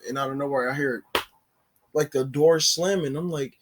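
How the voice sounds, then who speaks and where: A man's voice: medium pitch, moderate pace, noisy background. A man telling a personal story in a casual, rambling way, full of "like" fillers and self-corrections. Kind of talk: casual story-time narration.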